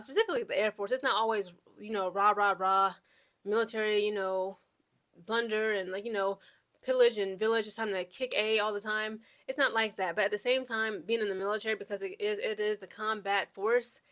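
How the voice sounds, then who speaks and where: A woman from Central Ohio, telling personal stories in a vlog. She rambles, fills her talk with "like" and "okay?", and acts out what other people said to her. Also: mid-range voice. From Central Ohio, USA. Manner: chatty and rambling, peppered with "like" and "okay?"; quotes people in lively back-and-forth. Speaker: Air Force veteran vlogger. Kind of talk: casual personal storytelling.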